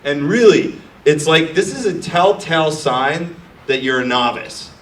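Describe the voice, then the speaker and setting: A middle-aged startup accelerator founder gives a blunt live talk coaching founders before an audience. He is brash, profane and mocking, acting out nervous founders in an expressive, unhurried, higher voice. Picked up off-mic from far away, the sound is roomy and echoey.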